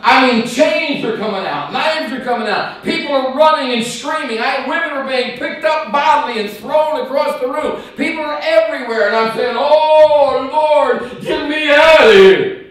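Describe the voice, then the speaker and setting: A man preaching a sermon as an evangelist, telling a folksy personal story with lively, acted-out voices. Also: very high voice, normal speed, few pauses. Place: church sanctuary. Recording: echoey church, mic from a distance.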